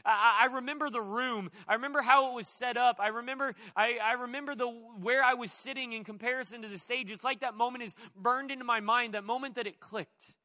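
Bright, animated male preacher. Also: very high-pitched, brisk, few pauses. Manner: animated, conversational, with playful asides. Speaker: pastor. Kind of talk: sermon.

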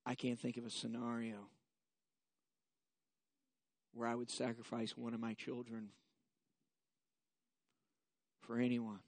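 Slow, deliberate male pastor preaching. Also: medium pitch, flat delivery, dry recording. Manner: slow and measured, building to emphatic repetition; leads the congregation in reciting scripture. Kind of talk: sermon.

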